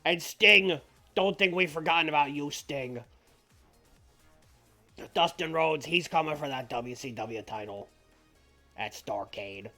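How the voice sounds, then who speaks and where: A man puts on a brash wrestling manager cutting a loud promo at a rival. The voice sits a little above his normal pitch, and quiet music plays underneath. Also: measured pace, long pauses. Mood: challenging.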